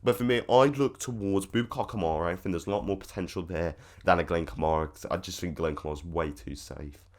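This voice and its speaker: A man hosting a football fan channel, giving rambling, opinionated commentary with lots of fillers. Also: very deep voice. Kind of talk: casual commentary to camera.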